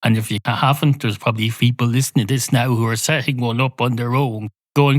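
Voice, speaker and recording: Deadpan man rambling absurdly. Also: medium pitch, a little fast, few pauses, no echo, faint music behind. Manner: deadpan, absurd, swears, argues with imagined listeners. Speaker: podcast host. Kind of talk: rambling solo comedy monologue.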